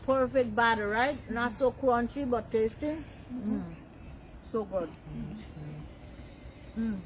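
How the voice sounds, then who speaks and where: A chatty woman with a Guyanese accent hosts her backyard cooking vlog after dark, her voice sitting a little high. She laughs easily and talks warmly with her family between bites. Faint crickets chirp behind her. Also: slow, slight background noise, rough recording. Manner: chatty, affectionate, laughs often, talks while eating. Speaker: vlog host. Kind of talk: casual food vlog chat. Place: backyard outdoors at night.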